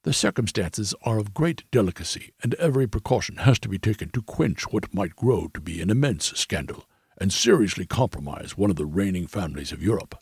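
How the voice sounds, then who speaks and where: Audiobook: male narrator voicing a haughty disguised king, raspy low and stately. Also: lively intonation, fairly quick, no echo, exaggerated voice. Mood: commanding. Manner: stately, forceful formal speech. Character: commanding disguised male king, proud, agitated.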